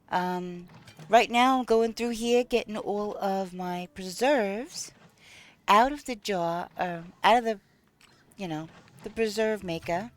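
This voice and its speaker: A woman streaming a video game live, chatting casually with viewers, thanking them and talking through her gameplay with frequent ums. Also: mid-range voice. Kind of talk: casual live-stream chat while playing.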